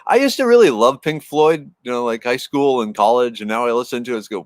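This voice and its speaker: A man's voice: mid-range voice, animated, brisk, few pauses, dry recording. A man in his fifties hosting a casual live stream, rambling and answering viewers' messages as they come in. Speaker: livestream host chatting with viewers.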